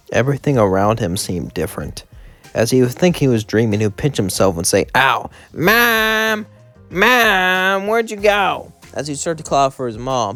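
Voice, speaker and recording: A man's voice: fairly low pitch, a little mellow. A young man casually telling a fan-fiction story in a rambling, informal way, full of asides.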